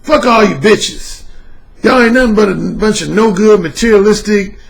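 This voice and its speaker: A man's voice: high-pitched, normal speed, gravelly, pitched above the performer's own voice. A man acts out a bitter, hostile man in a raised, harsh voice. Every line comes out sneering and contemptuous. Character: bitter, angry man hurling insults at women.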